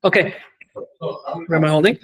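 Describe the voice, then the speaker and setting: A man teaching a Torah class as a rabbi, talking quickly with many fillers and restarts and mixing in Hebrew and Yiddish terms. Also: fairly high pitch, steady tone, low-quality recording. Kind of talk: lecture.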